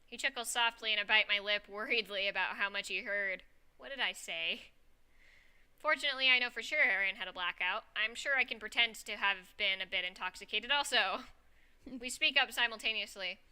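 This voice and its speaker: A woman narrating a story in a live reading, lively and giggly, with off-script asides. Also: mid-range voice, a little fast, clear, resonant tone.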